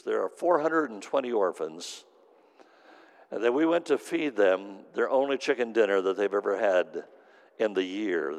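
Man, minister, sermon storytelling, gravelly, long reverberant hall. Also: on the low side. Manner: earnest, repetitive emphasis.

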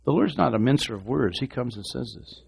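A pastor preaching a sermon, moving from quiet, low talk to loud, shouted passages and repeating phrases for emphasis. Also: male voice, lively intonation, fairly quick, vocal fry, slightly rough.

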